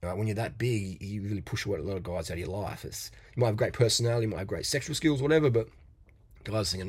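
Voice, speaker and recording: Husky low-voiced man, blunt and rambling. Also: fast talker. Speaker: podcast host. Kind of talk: casual monologue.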